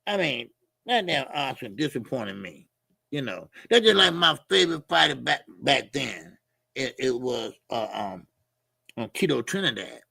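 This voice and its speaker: Loud, gravelly man ranting about boxing. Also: a little high, no echo, studio quality. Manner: animated, shouting rants, profane, laughing. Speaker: boxing commentary channel host. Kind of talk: loud casual commentary.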